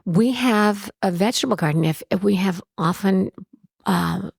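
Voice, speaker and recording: A woman's voice: medium pitch, moderate pace, vocal fry, slightly rough, no echo, clean studio sound. A woman who owns a bed and breakfast, telling stories in an interview in a chatty way, with frequent restarts. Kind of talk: storytelling in an interview.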